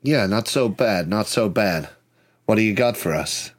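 A man's voice: on the low side, lively intonation, measured pace. A man playing a laid-back 1940s ladies' man detective in a tabletop game, easygoing and drawling. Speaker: player.

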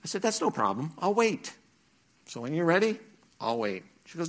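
A man's voice: mid-range voice, expressive, moderate pace, pauses often. A middle-aged man preaching to teens in a church, telling his own testimony in an earnest storytelling manner and acting out the quotes. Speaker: youth speaker. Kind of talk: sermon testimony.

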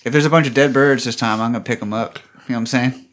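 A man's voice: medium pitch, steady tone, quick pace, fairly bright tone. A man in a laid-back casual chat among friends, often calling them dude.

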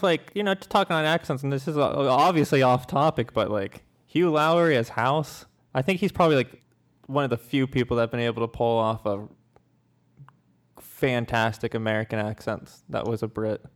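A man co-hosting a casual film podcast, rambling and halting as he talks. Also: mid-range voice. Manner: rambling, halting, laughs often. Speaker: podcast co-host. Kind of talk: casual film-review chat.

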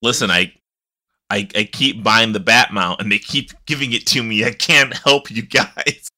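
A man's voice: lowish voice, normal speed, pushed and bright. A man co-hosting a casual gaming podcast, sarcastic and swearing freely. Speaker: podcast co-host.

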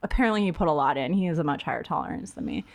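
A woman in her thirties tells a funny story in a relaxed chat. Her voice is of middle pitch, and she laughs a lot and jumps up into a higher voice when she quotes people. She sounds lively and unguarded. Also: rapid-fire, gravelly. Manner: animated, laughing, acts out quoted lines in a higher voice.

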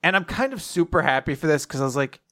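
A man's voice: on the high side, animated, fast talker, bright, forceful tone, no echo, clean studio sound. A man casually recapping a manga with a co-host, sarcastic and often laughing, sometimes acting out lines. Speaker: podcast co-host.

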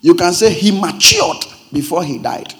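Lively-pitched man preaching. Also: normal speed, faint music behind. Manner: teacherly, checks understanding with repeated questions; swings from quiet explaining to loud emphatic preaching. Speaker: pastor. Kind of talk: sermon.

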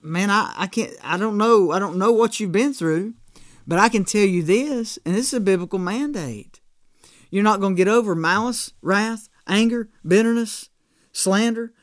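A man with a high-pitched voice preaches a conversational sermon, checking in with the room with quick asides and restarting his phrases. The sound is dry and close, with no room echo. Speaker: pastor.

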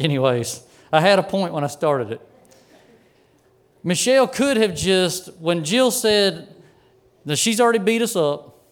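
Middle-aged pastor, male, slightly high voice, folksy animated storyteller from the pulpit. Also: smooth. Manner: animated, folksy anecdote with chuckles. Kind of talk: storytelling sermon.

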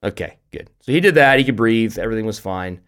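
A middle-aged man co-hosting a podcast, telling stories in an animated way with lots of restarts and laughs. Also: on the low side, fast. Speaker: podcast co-host. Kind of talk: casual chat.

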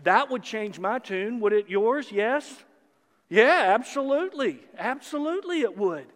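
A man with a notably high voice preaching a sermon, unhurried and deliberate. He reads scripture and teases his listeners with playful sarcasm. His voice rings with a long reverb, as in a large church sanctuary. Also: expressive. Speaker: pastor.

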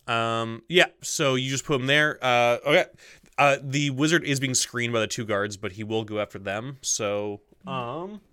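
A man's voice: medium pitch, unhurried, bright, forceful tone, clear, resonant tone, no echo. A man running a tabletop role-playing game as game master, describing the scene and rules with many fillers and asides to himself. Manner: many fillers, mutters to himself while setting things up.

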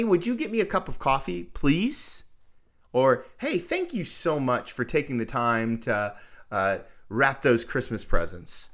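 A man, a pastor, giving a sermon with practical advice, emphatic and repeating key phrases with energetic swings in pitch and loudness.

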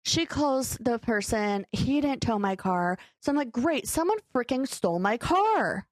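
A young woman chats on a podcast, spinning an animated story and acting out every quote. Her voice sits a little high, and the sound is close and dry. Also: a little slow, no room sound. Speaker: podcast co-host. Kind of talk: casual chat.

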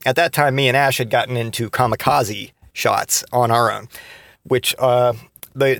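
Hombre de treinta y tantos, relato informal y malhablado. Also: male voice, mid-range voice, a bit bright, no room sound, studio quality. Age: 30s. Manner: rambling, profane, with many restarts and fillers. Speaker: podcast host. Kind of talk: casual storytelling monologue.

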